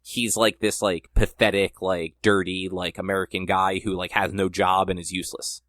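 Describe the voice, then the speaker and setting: Young dude on a podcast, lowish voice, rambles with tons of "like", dry sound. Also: male voice, little pitch movement, normal speed, fairly bright tone, no room sound. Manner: rambling, heavy use of "like". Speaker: podcast co-host. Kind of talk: casual chat.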